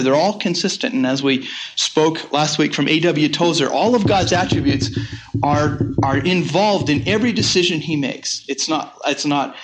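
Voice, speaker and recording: A man's voice: fairly high pitch, a bit bright, slight background noise. A man in his sixties teaching a sermon series, earnest and personal, often restarting his sentences as he tells stories. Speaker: Bible teacher.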